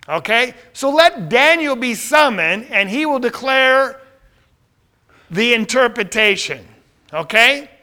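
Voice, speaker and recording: A man's voice: sits high, sharp tone. A man teaching a Bible study in a conversational way, often checking in with listeners.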